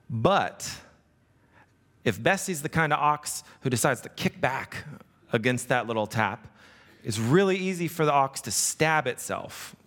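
A man's voice: medium pitch, a bit bright. Conversational male pastor in a reverberant hall. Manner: conversational, asks the congregation "right?" often. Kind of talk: sermon. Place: church sanctuary.

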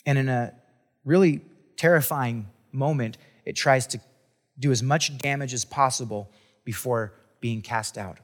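Chatty pastor in a reverberant hall. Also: male voice, mid-range voice, unhurried. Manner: casual and chatty, with frequent restarts and asides. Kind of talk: conversational sermon.

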